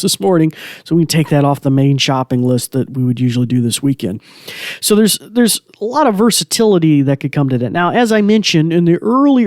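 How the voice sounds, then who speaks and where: A man's voice: fairly high pitch, a little mellow, no echo. A man hosting a casual tech tutorial podcast from a small studio, talking loosely with plenty of fillers while demonstrating. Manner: chatty, loose, many fillers. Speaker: podcast host.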